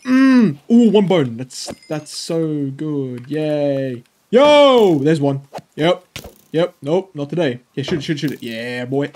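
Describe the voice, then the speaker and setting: A young man giving casual, slangy let's-play commentary, getting excitable and yelling at the game. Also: on the high side, slow. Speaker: gaming YouTuber.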